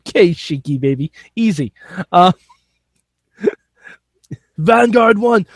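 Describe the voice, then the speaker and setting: A man co-hosting a podcast, recapping a wrestling show in casual, animated, jokey chat and laughing often. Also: high-pitched, takes it slowly, long pauses, no echo.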